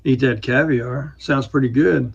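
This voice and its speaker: A man improvising a quick, helpful airplane passenger. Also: medium pitch, steady tone, creaky, slightly rough. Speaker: improv performer. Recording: dull, lo-fi sound.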